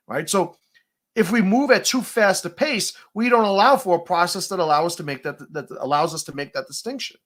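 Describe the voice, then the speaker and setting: A man's voice: on the high side, a bit bright. A man from New City, hosting a livestream, telling stories and answering chat comments in a profane, rambling way. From New York City. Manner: profane, storytelling, many fillers and restarts. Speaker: livestream host. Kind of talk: casual livestream talk, reading chat comments.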